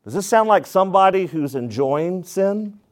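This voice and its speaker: A man preaching a sermon as pastor, animated, asking the congregation rhetorical questions and acting out quoted voices. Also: high-pitched, moderate pace.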